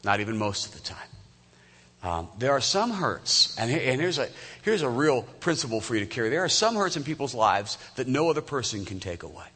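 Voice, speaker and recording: Man in his fifties, pastor, conversational sermon, crisp bright voice, long hall reverb. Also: medium pitch, big pitch swings, a little fast. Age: 50s. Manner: conversational, asks the congregation direct questions. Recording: echoey hall.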